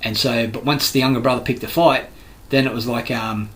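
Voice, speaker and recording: A man's voice: mid-range voice, steady tone, brisk, fairly bright tone, low-quality recording. A man with an Australian accent, a construction worker delivering a rambling, heated, profane monologue full of restarts. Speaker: construction worker giving his views.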